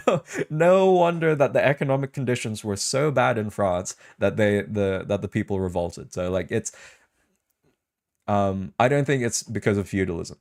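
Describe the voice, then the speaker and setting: A man's voice: low-pitched, a little mellow. A young man hosting a casual livestream podcast, rambling and arguing his points with many fillers and restarts. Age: young adult. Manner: rambling, filler-heavy, argumentative. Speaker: podcast host.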